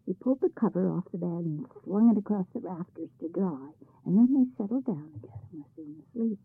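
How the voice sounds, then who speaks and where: A woman narrating a folk tale in a lively, expressive reading. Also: mid-range voice, fairly quick, vocal fry, slightly rough. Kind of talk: storybook narration. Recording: tinny phone-like sound.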